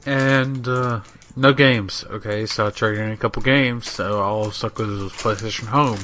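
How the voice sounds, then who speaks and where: Bright-voiced joking podcast guy. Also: on the low side, steady tone, normal speed. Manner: joking, teasing, interrupts. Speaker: podcast co-host. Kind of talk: casual chat.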